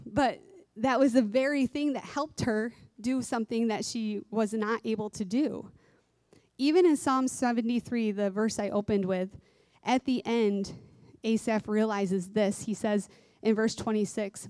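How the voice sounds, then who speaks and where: A woman's voice: on the high side, a little slow, darkish tone, dry recording. A woman who teaches dance giving an earnest devotional sermon, repeating key phrases for emphasis.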